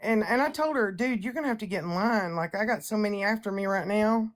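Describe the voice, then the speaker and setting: Loud-mouthed woman on a stream, cussing, bragging, just chatting. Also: mid-range voice, fast. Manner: brash, profane, boastful. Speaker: livestream host. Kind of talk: casual chat.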